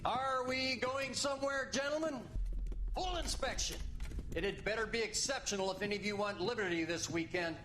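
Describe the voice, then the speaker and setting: An actor playing a stern, demanding drill sergeant who barks clipped commands, from game audio. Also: male voice, extremely high pitch, normal speed. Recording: game audio with ambient noise.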